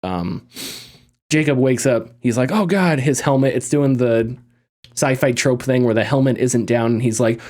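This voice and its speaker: A man talking casually on a gaming podcast, animated and rambling, often restarting his sentences. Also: mid-range voice, moderate pace. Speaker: podcast host.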